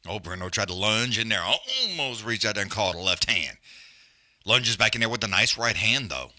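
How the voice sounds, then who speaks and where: A man hosting a live stream with a very bright, forceful voice that swings all over in pitch. He talks loud and profane, trash-talking his co-hosts and calling the fight in loose casual slang. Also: very animated, normal speed. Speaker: livestream host.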